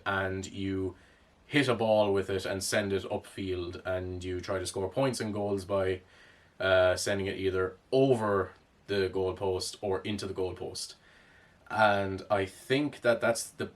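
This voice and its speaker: A man's voice: lowish voice, recorded from a distance. A young man with a Cork Irish accent, rambling through casual commentary with a wry tone and plenty of swearing. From Ireland.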